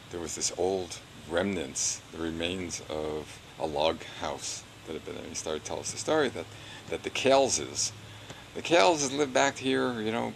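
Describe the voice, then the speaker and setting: A man's voice: low-pitched, creaky, background noise. An older man recounting his past in an oral history interview, rambling and chuckling, with many "you know"s.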